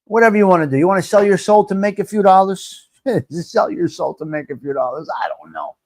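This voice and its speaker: A man's voice: high-pitched, fairly quick. A middle-aged man hosting a live stream, chatting casually and joking with his viewers as he talks straight to them.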